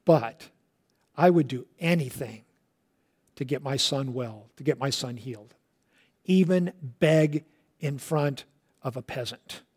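A man preaching a sermon. He tells the story in a lively way, with casual asides, and swings from loud and emphatic to hushed and quiet. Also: mid-range voice, slow pace, pauses often, slightly rough. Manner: colloquial asides.

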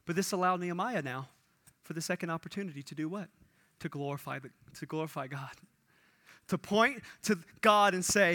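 A man preaching a sermon in an animated way, acting out the lines he quotes. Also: a little high, moderate pace, long pauses. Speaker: pastor.

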